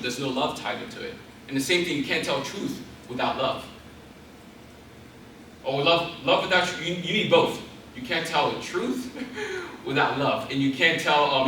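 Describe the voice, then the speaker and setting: A man's voice: mid-range voice, pushed and bright, distant mic, slight background noise. A young man giving an intense, preacherly Christian talk to an audience in a large hall, building to emphatic exhortations. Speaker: guest speaker. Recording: very echoey hall, voice off-mic.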